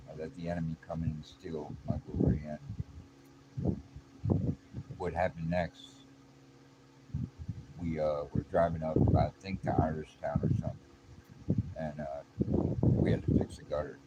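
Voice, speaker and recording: Man with a low voice, earnest and halting storyteller, noisy recording. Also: muffled recording. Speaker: vlogger. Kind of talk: casual confessional storytelling. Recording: noisy background.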